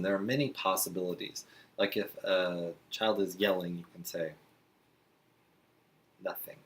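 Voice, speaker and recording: A man teaching beginner sign language to parents in a friendly, chatty way, slowing down while he demonstrates signs. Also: low-pitched. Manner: relaxed, chatty, with frequent fillers and slow demonstrating passages. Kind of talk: friendly instructional talk to parents.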